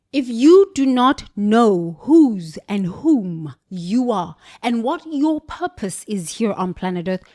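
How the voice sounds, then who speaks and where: Emphatic preachy British woman. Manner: emphatic and preachy, with sudden swings in pitch and loudness. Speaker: motivational speaker. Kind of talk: spiritual motivational monologue.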